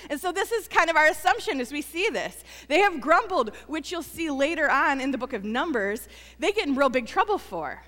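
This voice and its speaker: A fairly high-voiced woman pastor delivers a sermon in a church, her voice trailing off into a long hall reverb. She talks earnestly to the congregation, pressing points with repetition and then easing down to a hushed, intimate tone. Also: very animated, a little fast. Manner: earnest, building to emphatic repetition then dropping soft.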